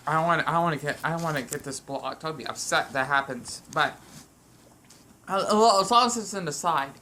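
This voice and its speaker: A woman's voice: low-pitched, brisk, bright, forceful tone, a little hiss or hum. A woman vlogging at home while she eats, talking in a meandering way with frequent restarts and fillers. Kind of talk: rambling eating vlog.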